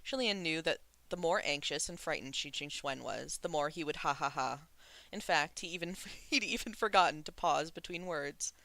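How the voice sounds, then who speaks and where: A relaxed reader working through a novel chapter aloud, now and then restarting a phrase. The voice is bright with a gravelly fry, and the recording is close and dry with no room sound. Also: medium pitch, normal speed, dry recording. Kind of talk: casual read-aloud narration.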